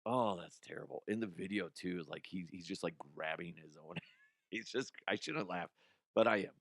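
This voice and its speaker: A man's voice: sits low, normal speed, a bit bright, no echo, clean studio sound. A young adult man hosting a comedy news podcast, ranting casually with swearing, laughter and mocking put-on voices.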